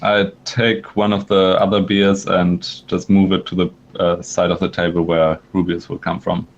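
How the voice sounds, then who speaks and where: A man's voice: sits low, little pitch movement, normal speed, highs cut off, a little hiss or hum. A man chatting casually as a player in a tabletop game.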